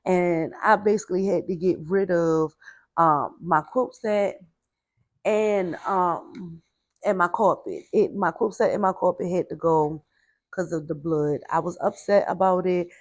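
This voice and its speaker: A woman's voice: on the low side, fairly even intonation, unhurried, no echo. A woman casually telling a personal story from her childhood in a chatty way, full of "like" and "baby", venting her frustration. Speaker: storyteller sharing a personal testimony.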